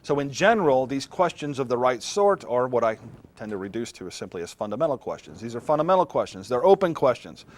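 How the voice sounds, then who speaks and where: A man's voice: mid-range voice, sing-song, fast talker. A middle-aged man, a philosophy professor, lecturing a class in a classroom in a conversational way, often putting questions to his students.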